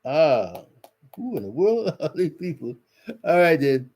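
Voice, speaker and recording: A man's voice: on the high side, sing-song, measured pace, a little mellow, breathy edge. A man giving preachy religious advice on relationships, folksy and exhorting, repeating words for emphasis.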